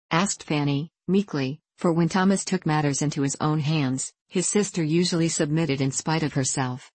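A woman narrates a classic novel in a measured, steady reading voice. Her pitch sits low. The recording is close and dry, with no room sound. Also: no room sound. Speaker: audiobook narrator.

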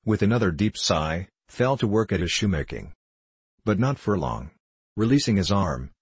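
Husky male audiobook narrator, measured and solemn, dry close read. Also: low voice, no echo. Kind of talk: scripted narration.

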